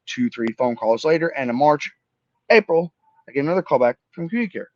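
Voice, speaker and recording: A Florida man in his thirties, an army veteran appearing as a podcast guest, tells his story bluntly and with plenty of swearing, the retelling building fast and emotional. His mid-range voice is animated and darkish, captured on a dry, lo-fi recording.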